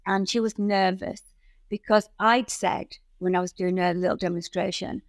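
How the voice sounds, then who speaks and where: A woman guest on a podcast interview, telling stories in an animated way and acting out the people in them. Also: mid-range voice, moderate pace, dry recording. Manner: animated storyteller who acts out the people in her stories. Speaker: guest, founder of a riding centre.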